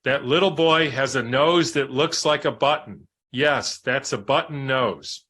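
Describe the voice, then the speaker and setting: A man voicing a calm, insistent old male sorcerer in a hypnotic, repetitive way, while reading aloud from a book. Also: medium pitch, measured pace, slightly rough. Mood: mesmerizing.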